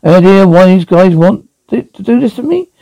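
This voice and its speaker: A man voices a brash galactic rogue, high and demanding, with a gravelly edge. He snaps out hungry questions in a dry, close recording. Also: lively intonation, fairly quick, warm tone, dry recording, poor audio.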